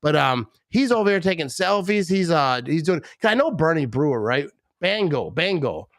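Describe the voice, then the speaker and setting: A middle-aged podcast host from Wisconsin, a little tipsy and rambling through casual talk. His voice sits fairly high for a man. The sound is dry and close. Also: very animated, normal speed, no room sound. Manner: rambling, loose, full of "like" and "bro".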